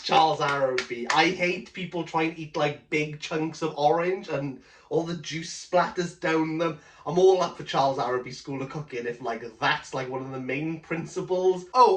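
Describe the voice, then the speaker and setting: A woman giving a book review in a casual vlog, gushing and animated with lots of "like" fillers. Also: fairly low pitch. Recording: roomy, from a distance from the mic.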